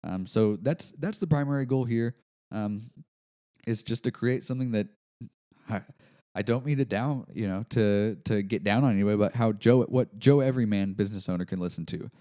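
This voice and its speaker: A man's voice: fairly low pitch, normal speed, dark tone. A man hosting a business podcast, talking casually in a rambling, self-deprecating way with lots of fillers and restarts. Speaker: podcast host. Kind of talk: casual solo podcast monologue.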